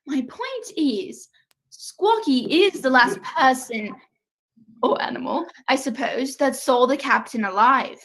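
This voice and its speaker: A prim, pompous gentleman detective, played by a woman in a student stage play, fond of proper turns of phrase. The speech is unhurried and the pitch rides high and lively. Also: exaggerated voice, rough recording. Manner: prim, posh-sounding phrasing. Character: fussy, pompous male detective, prim and polite.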